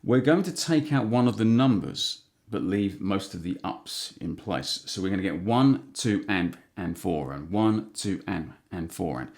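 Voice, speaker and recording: A man teaching guitar strumming patterns, relaxed and counting beats aloud as he plays. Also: low voice, a little slow, gravelly, few pauses. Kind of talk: instructional guitar lesson. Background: acoustic guitar strumming.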